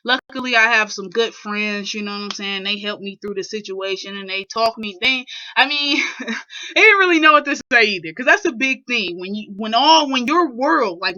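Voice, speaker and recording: A woman's voice: fairly high pitch, pushed and bright, dull audio. A young woman vlogger telling a personal story in a rambling, casual way full of fillers. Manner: rambling, filler-heavy, keeps asking "you know what I'm saying".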